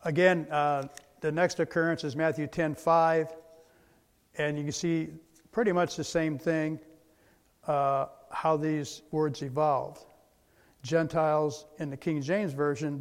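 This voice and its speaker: A man's voice: on the high side, a little mellow, clean tone. Man lecturing in a reverberant hall. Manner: methodical, spells out words letter by letter. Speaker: presenter. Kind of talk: slide presentation lecture.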